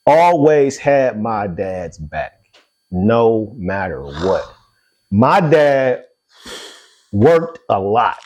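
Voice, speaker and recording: Middle-aged male podcast host, lively voice, loose and profane storyteller. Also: lowish voice, extremely slow, pauses often. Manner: animated storytelling, swears freely. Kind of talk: casual chat.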